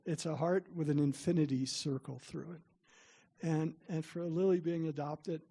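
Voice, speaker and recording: A man's voice: fairly high pitch, steady tone, a little slow, vocal fry, dark tone, slightly rough. A middle-aged man giving a parent workshop, telling chatty, self-deprecating stories to the room. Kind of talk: storytelling talk to parents.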